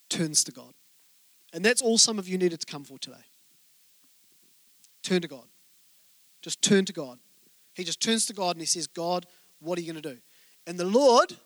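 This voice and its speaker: A middle-aged pastor delivers a sermon in a storytelling way, cracking jokes and turning to the congregation. His voice sits high and sounds bright and forceful. The sound is dry and close. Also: dry recording. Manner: humorous storytelling, asides to the congregation. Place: church hall with congregation.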